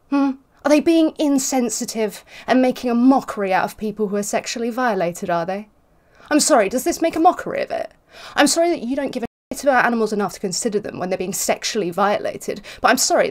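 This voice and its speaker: A woman with a slightly raised pitch delivers sarcastic, exasperated commentary on a video she is reacting to. Her tone is mocking and impatient, full of pointed rhetorical questions. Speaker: vegan video creator reacting to clips.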